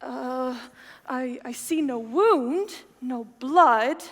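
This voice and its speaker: An actress playing a desperate, lovesick young woman who pleads in a breathy, tearful stage voice. Her voice is very high and bright, and her pace is slow. A long hall reverb surrounds it. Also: lively intonation, full character voice. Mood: forlorn. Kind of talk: Shakespeare stage acting.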